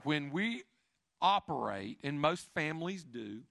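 Man, pastor, sermon, gravelly, fairly high voice, dry recording. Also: measured pace, no room sound. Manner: expressive preaching, rising and dropping to soft, intimate asides.

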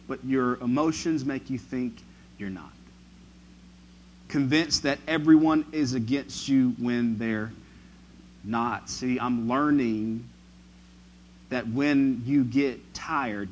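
A man preaching a sermon who moves from quiet, reflective passages to loud, emphatic ones. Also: medium pitch, slow pace, a little hiss or hum, low-quality recording.

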